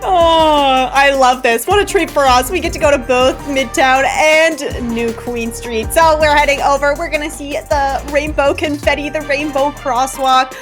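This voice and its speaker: An upbeat woman casting a live game, enthusiastic and warm-hearted in her commentary, with faint music behind. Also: sits high, unhurried, few pauses. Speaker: esports caster.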